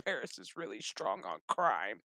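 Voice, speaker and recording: A man's voice: on the low side, very animated, moderate pace, bright, forceful tone, dry recording, rough recording. A man casually recapping a TV episode in a rambling, joking way, swearing constantly. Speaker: gaming channel host.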